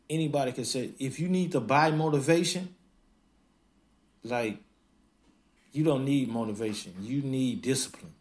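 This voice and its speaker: A man hosting a podcast in a casual monologue, blunt and emphatic, laughing often and acting out others in quick mocking asides. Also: mid-range voice, a little mellow. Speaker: podcast host.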